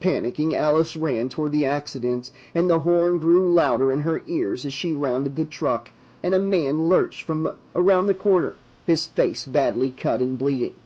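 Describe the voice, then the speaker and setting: A man reading a horror novel aloud as an audiobook narrator, in measured, dramatic narration. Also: on the high side, dull audio.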